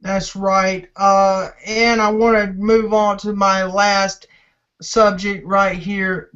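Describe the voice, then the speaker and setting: A man's voice: high-pitched, a bit bright. A man hosting a fan channel, ranting and repeating insults at a rival in a wrestling trash-talk promo. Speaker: fan channel owner and host. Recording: dull lo-fi audio.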